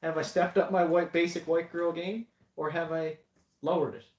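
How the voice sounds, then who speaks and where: A man's voice: on the high side, flat delivery, moderate pace, a little mellow. A man co-hosting a casual unboxing livestream at home, joking and teasing. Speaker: livestream co-host. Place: home basement. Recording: echoey room, mic at a distance.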